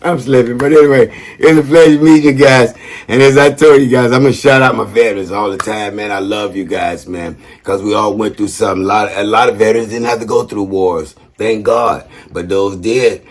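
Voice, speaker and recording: Brisk and steady, with a lowish voice, this man gives veterans a shout-out in a casual vlog to camera. His upbeat, rambling talk is loaded with slang, and many sentences end in "man."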